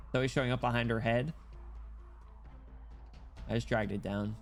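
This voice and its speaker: Excitable man streaming and reacting. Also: medium pitch, normal speed, faint music behind. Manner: excitable, laughs and swears freely, reacts loudly. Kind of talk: live-streamed story reading with casual reactions.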